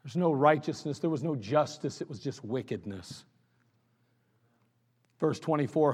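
Man, pastor, sermon, high voice, emphatic, loud and soft by turns, church echo. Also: expressive, a little slow, long pauses, slightly rough. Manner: emphatic preaching, swinging between loud declarations and hushed asides. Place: church sanctuary. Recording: echoey church sanctuary.

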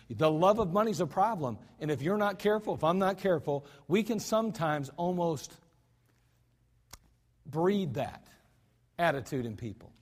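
An American man preaching a sermon in a church, folksy and self-deprecating, with chatty asides to the congregation. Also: fairly high pitch. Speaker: pastor. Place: church sanctuary. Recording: hall reverb.

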